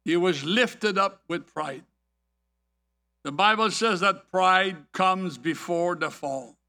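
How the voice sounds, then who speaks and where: A man preaching a sermon, deliberate and full of rhetorical questions and anecdotes. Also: high-pitched, pushed and bright.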